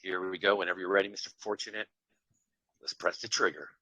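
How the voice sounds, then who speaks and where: A man's voice: low-pitched, steady tone, fast, heavy background noise. A man hosting a podcast in casual chat, upbeat and laughing, giving pep talks. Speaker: podcast host.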